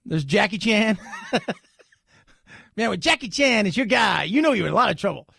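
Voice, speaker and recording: A man's voice: high-pitched, lively intonation, normal speed, vocal fry, pushed and bright, husky, no echo, studio quality. A man hosting a talk radio show, joking and sarcastic in a rambling commentary.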